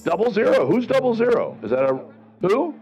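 A man's voice: high-pitched, huge pitch swings, fairly quick, darkish tone, highs cut off, soft background music. A middle-aged man performing a live outdoor comedy show at a renaissance fair, teasing the audience with sarcastic banter and calling people over. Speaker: street comedian and juggler.

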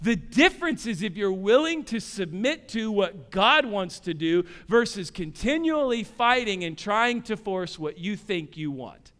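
A male pastor preaching with passion, asking the room rhetorical questions and swinging between hushed low asides and loud emphatic rises. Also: animated, measured pace, few pauses. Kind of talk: sermon.

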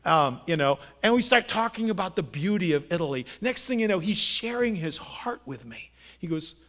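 A man's voice: high voice, animated, moderate pace, fairly bright tone. A middle-aged man, a pastor, preaching a sermon in a conversational storytelling way, asking his listeners rhetorical questions. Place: church sanctuary.

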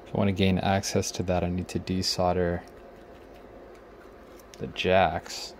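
A repair video host talks through fixing a guitar pedal at his workbench, casually thinking aloud as he tests and troubleshoots. His low voice is delivered completely flat, unhurried, and trails off while he works. There's slight background noise.

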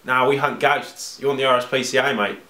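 A man's voice: medium pitch, steady tone, brisk, pushed and bright, close to an everyday voice. A man with a fake Australian accent, playing a brash, crude ghost hunter in a comedy sketch. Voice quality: crude, cheerful bluster. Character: brash young male ghost hunter faking Aussie. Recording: roomy sound with music underneath.

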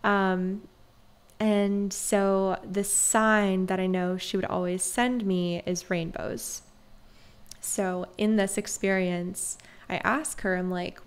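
A woman guest on a podcast, a breathwork mentor, telling stories in an animated, chatty way, often saying "like". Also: mid-range voice, takes it slowly, clean tone. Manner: animated, peppered with "like". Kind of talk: conversational storytelling.

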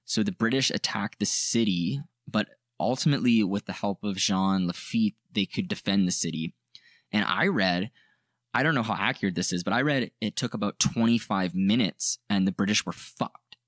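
Low-voiced man in rambling podcast chat. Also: normal speed, a bit bright, dry recording, clean studio sound. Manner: rambling, jokey, frequent fillers. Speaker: podcast co-host. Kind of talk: casual history chat.

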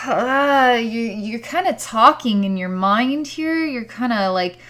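A woman's voice: fairly high pitch, animated, slow pace, a bit bright. A woman working as a psychic healer, describing what she sees during a distance healing session in a hesitant, word-searching way with sighs.

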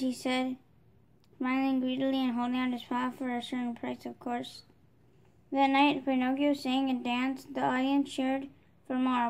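A woman reading a children's storybook aloud, steady, with small restarts. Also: high voice. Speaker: storybook reader.

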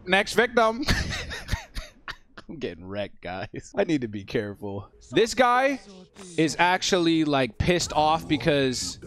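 A man's voice: on the high side, slow pace. A man hosting a gaming video, joking and talking to the characters as he plays. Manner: excitable, joking, talks to the characters. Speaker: gaming channel host. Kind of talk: let's play commentary. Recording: game music underneath.

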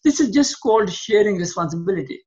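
A fast-talking older man, a doctor guesting in an interview, narrates long tales and performs both roles in past dialogues. His voice sits high, expressive and a little mellow, heard through dull lo-fi sound.

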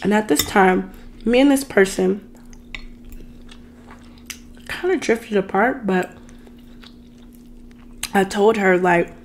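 A woman vlogger spins a dramatic personal story in a loose, ranting storytime style. She talks to her viewers directly, unhurried, and her voice has a gravelly fry to it. There is a faint noise in the background. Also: medium pitch. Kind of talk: casual storytime rant.

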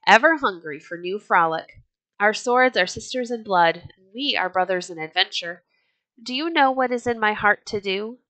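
A woman's voice: medium pitch, moderate pace, sharp tone, dry recording, close to an everyday voice, rough recording. A woman reading the lines of a bold, hot-tempered but jovial red-bearded Viking chieftain in a hearty, boastful storybook manner. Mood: boisterous.

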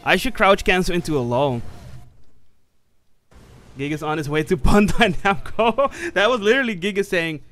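Excitable man yelping through game commentary. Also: sits high, normal speed, long pauses. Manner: excitable, swears and laughs often, sudden yelps. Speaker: streamer playing an online fighting game. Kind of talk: casual live gameplay commentary.

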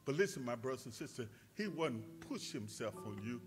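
A male pastor preaching a sermon with fervent delivery that rises to shouts. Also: mid-range voice, sing-song, brisk, music in the background.

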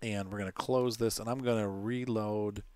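A man's voice: lowish voice, fairly even intonation, normal speed, a little mellow, clear, resonant tone, dry recording. A man casually commenting on his own gameplay, thinking aloud and correcting himself as he plays. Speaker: let's play host.

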